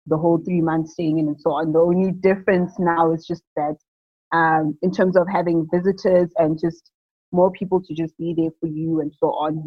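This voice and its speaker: A woman's voice: low-pitched, slightly rough, no room sound. A young woman, a new mother, talking casually in an interview, rambling with many fillers and frequent laughs. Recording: dull lo-fi sound.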